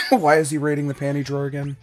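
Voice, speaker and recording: A man streaming a game and trading crude, deadpan jokes in casual banter. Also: fairly high pitch, quick pace, soft background music. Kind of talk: casual banter while gaming.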